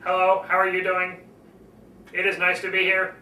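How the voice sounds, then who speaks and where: Man imitating a flat mechanical robot, one steady tone, bright, roomy distant sound. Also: sits high, normal speed. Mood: monotone. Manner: monotone, mechanical, one tone throughout. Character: flat monotone TV robot, male.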